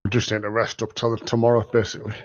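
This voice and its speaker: A man's voice: on the low side, monotone, fast talker, highs cut off. An older man playing a tabletop game, bantering casually. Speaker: player.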